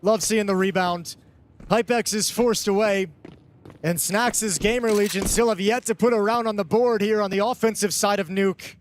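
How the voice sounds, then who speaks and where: A man's voice: sits high, fairly even intonation, normal speed, a little hiss or hum. A man giving conversational color commentary on an esports match, analyzing at length with frequent restarts.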